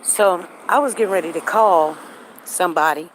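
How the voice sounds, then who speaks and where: A woman's voice: lowish voice, moderate pace, a little hiss or hum. A middle-aged woman hosting a live stream, telling a neighborhood story in a chatty, gossipy way with asides to her viewers. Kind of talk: casual storytelling. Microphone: live-stream device.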